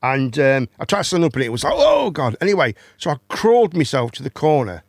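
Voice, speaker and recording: A man's voice: medium pitch, expressive, fast, no echo, studio quality. A man, hosting a casual chat and telling a long story, rambling, swearing and repeating words. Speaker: host.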